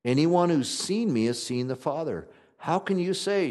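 A man preaching a sermon in a conversational, folksy way, swinging from loud emphatic passages to quiet ones. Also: on the high side, animated, normal speed, few pauses. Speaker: pastor.

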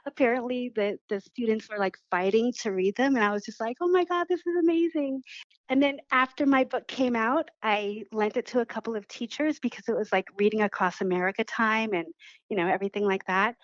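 A woman author telling lively stories about sharing her poems in a radio interview. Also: medium pitch, no echo, highs cut off. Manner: animated storytelling, laughs while talking. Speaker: poet and author guest.

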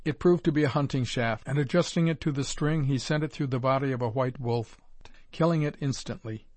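Measured male audiobook narrator, dry sound. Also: medium pitch, a little mellow, dry recording. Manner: measured, formal storytelling. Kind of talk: first-person audiobook narration.

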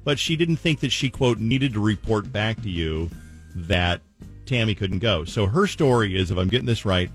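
Male radio host, low voice, animated chatty delivery, faint music bed. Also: normal speed. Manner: animated, incredulous, recaps the caller's story. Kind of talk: casual radio chat.

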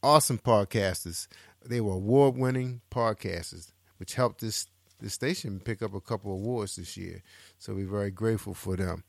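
A man's voice: on the low side, normal speed, gravelly, dry recording. A man hosting a podcast, chatting in a casual radio style and hyping upcoming shows, often repeating phrases for emphasis. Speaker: podcast host.

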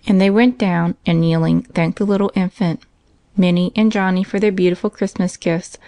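Calm woman narrating a classic story. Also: lowish voice, normal speed, no room sound. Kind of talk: scripted narration.

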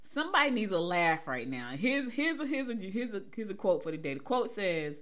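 A woman's voice: a little high, sing-song, fairly quick, sharp tone. A woman hosting a casual morning podcast, chatting and laughing with her listeners. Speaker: podcast host. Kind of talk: casual morning show talk.

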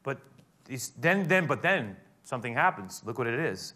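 A man preaching a sermon, retelling a story in a conversational way that swells into emphatic high points. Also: very animated, moderate pace, bright, forceful tone. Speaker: pastor.

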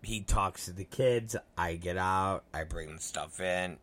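A low, fairly bright voice at a measured pace belongs to a middle-aged storyteller spinning a rambling, casual anecdote. He swears a lot and acts out quotes, with a little hiss or hum in the background.

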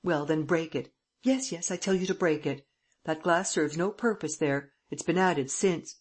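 Reader doing a cocky gentleman burglar, husky. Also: medium pitch, lightly acted. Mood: impatient. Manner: brisk, mocking, commanding. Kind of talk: audiobook dialogue reading.

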